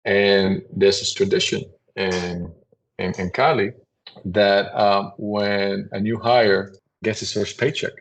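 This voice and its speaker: A man, a company CEO, telling anecdotes in a casual, animated podcast conversation and acting out voices as he goes. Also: fairly low pitch, takes it slowly. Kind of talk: casual storytelling.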